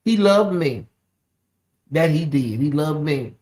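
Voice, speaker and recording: A livestream host giving casual gossip commentary, chatting straight to viewers and reading their comments aloud. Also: slow pace. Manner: swings into loud, high exclamations when excited.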